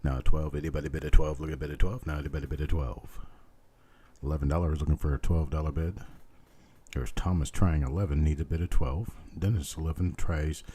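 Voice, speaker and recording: A man hosting a live coin auction, hoarse from losing his voice, calling out bids in a steady chant with chatty asides. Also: a bass voice, a little fast.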